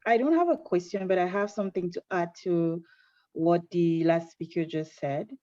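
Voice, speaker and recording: A woman joining a discussion over a video call, polite and measured. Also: lowish voice, dark tone. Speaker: audience participant. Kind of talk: casual contribution to discussion. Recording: dull lo-fi call audio.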